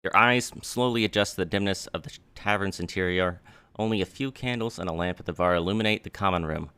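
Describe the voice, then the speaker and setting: A man's voice: low voice, fast talker, sharp tone, smooth. A male streamer reading game text aloud in a casual way, with swearing asides.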